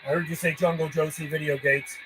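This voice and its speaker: A man from Canada chatting and calling stations live from his home radio room as a ham radio operator, friendly and relaxed. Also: a little high, a little fast, a little hiss or hum, low-quality recording.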